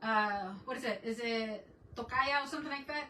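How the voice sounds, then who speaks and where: A woman hosting a casual crafting livestream from home, chatting excitedly and greeting viewers in a mix of English and Spanish. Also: on the high side, normal speed, far from the mic, a little hiss or hum, low-quality recording.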